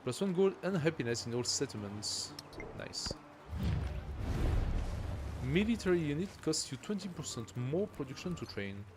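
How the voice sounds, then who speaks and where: A man's voice: fairly high pitch, big pitch swings, moderate pace, over music. A man streaming a strategy game, thinking aloud and reading game text as he plays. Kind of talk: casual live gameplay commentary.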